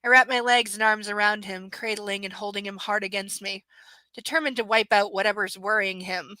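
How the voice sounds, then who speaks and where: A woman's voice: mid-range voice, fairly even intonation, a little fast, bright, forceful tone, no room sound, poor audio. Sarcastic woman reading a romance aloud. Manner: sarcastic, mocking asides. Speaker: live-stream book reader. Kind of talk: reading a novel aloud with commentary.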